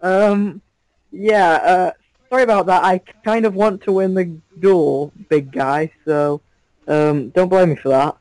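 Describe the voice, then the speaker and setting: A man's voice: sits high, a little mellow, dry recording, rough recording. A man chatting casually as the opponent in an online card game, sheepish one moment and teasing the next. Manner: sheepish, teasing, quick to laugh. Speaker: opponent player.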